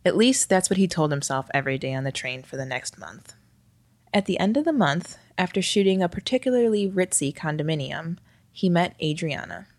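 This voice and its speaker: A woman narrating a scripted story in a wry, lightly expressive reading voice. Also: on the low side, fairly quick, no echo.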